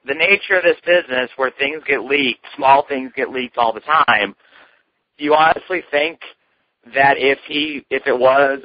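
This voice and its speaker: A man's voice: medium pitch, fairly even intonation, normal speed, no echo. A man co-hosting a casual wrestling talk show, speaking in a blunt, crude and dismissive way. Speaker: podcast co-host. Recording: dull lo-fi dry recording.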